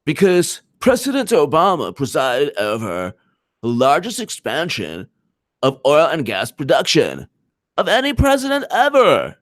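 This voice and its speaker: Animated rambling male livestreamer. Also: on the high side, a little slow, no echo, clean studio sound. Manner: laughs while reading chat. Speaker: livestream host. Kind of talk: casual political commentary livestream.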